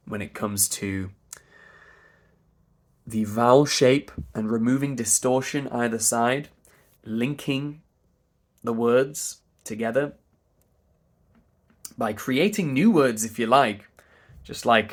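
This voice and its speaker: Slow, deliberate RP man teaching. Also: mid-range voice, lively intonation. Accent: Received Pronunciation. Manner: drawn-out demonstration sounds, repeating words and phonemes, with whispered bits. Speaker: speech and accent coach. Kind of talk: slow, deliberate pronunciation lesson.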